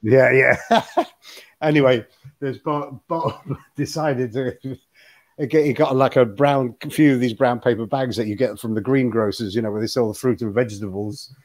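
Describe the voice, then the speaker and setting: A man's voice: mid-range voice, moderate pace. Laughing man in his sixties. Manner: animated storyteller, laughs often. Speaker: guest musician. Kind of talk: casual chat.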